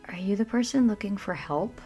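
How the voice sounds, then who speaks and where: A worn-out, ragged young man, played by a woman in a family storybook, speaking softly and tiredly. Gentle music sits underneath. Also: medium pitch, normal speed, voice pushed up, close to an everyday voice. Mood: weary. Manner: soft, tired.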